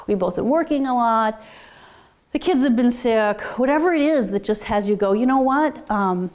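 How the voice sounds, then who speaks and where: Middle-aged woman marriage therapist, casual advice talk, chatty, voice on the higher side. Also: lively intonation, moderate pace, a little mellow. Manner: chatty, acts out quoted dialogue.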